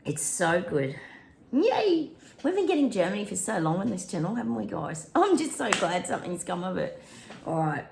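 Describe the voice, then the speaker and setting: A woman's voice: on the low side, animated, fairly quick, gravelly, reverberant, a little hiss or hum. A woman hosting a psychic prediction channel, chatting casually to viewers, breaking into bits of song and laughing often.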